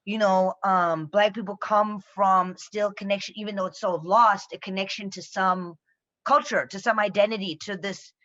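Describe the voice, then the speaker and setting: At a normal speed and medium pitch, a podcast guest from the American Midwest, with an American accent, chats casually, bringing her stories to life by acting out other people's voices. The audio sounds dull.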